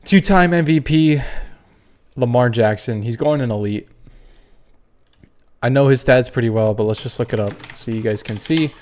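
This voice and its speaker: A man's voice: mid-range voice, normal speed, pauses often, a little mellow. Fired-up opinionated man ranking players. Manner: opinionated, fired-up ranting with cursing. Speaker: podcast host. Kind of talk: casual sports tier-list commentary.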